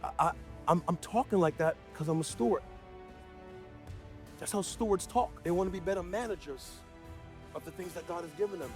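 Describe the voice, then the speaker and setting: High-voiced impassioned male pastor preaching. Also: darkish tone, soft background music. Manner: impassioned, with rapid stammered restarts. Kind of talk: sermon. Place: church gathering hall.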